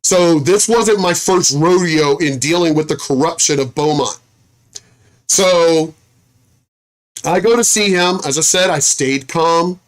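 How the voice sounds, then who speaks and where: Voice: mid-range voice, unhurried. A military veteran telling a personal story in a casual, blunt rant, swearing often and retelling conversations, and stumbling over and repeating words when worked up.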